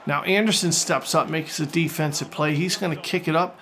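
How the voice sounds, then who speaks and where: A man commentating on his own football video game like a jokey sportscaster, getting loud and excited during attacks and saves. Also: fairly high pitch, a little fast, slight background noise. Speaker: gaming YouTuber. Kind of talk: let's-play commentary.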